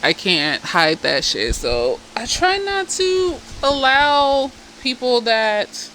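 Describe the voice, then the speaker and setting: Animated, profane woman with a high-set voice. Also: a little hiss or hum, rough recording. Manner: animated, blunt and profane, with lots of asides. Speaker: therapist reviewing a TV episode. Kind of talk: casual review chat. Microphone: self-filmed camera.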